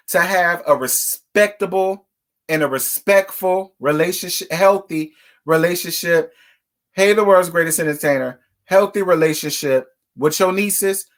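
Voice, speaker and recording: A man hosting a casual reality TV recap, talking bluntly and profanely in a scolding tone. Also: high-pitched. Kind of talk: casual commentary rant.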